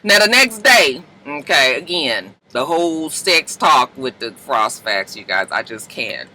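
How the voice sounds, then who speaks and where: A woman casually recapping a reality TV episode in a slangy, giggly, animated way. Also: low voice, measured pace, low-quality recording.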